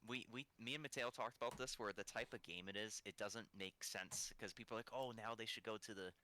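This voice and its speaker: A young man co-hosting a gaming podcast, rambling and jokey, with lots of halting restarts. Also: lowish voice, pushed and bright, slight background noise. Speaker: podcast co-host. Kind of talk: casual podcast chat.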